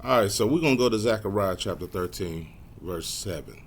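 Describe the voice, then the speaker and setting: A man teaching a Bible study lesson in a casual, direct way. He slows right down to read scripture aloud, jumps up in pitch, and lets tag words trail off softly. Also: lively intonation, slight background noise. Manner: casual, addresses listeners directly.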